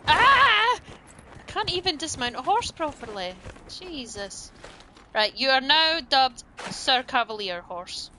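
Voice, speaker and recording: A woman's voice: high-pitched, lively intonation, takes it slowly, pushed and bright, a little hiss or hum. A woman streaming a video game, chatting playfully and breaking into squeals and giggles.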